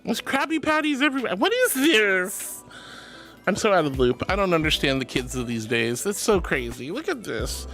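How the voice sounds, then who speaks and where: With faint music behind her, a streamer reads viewer messages aloud and chats loosely, addressing people as honey and sweetie. Her moderate-paced delivery is animated, jumping from squeals to muttering.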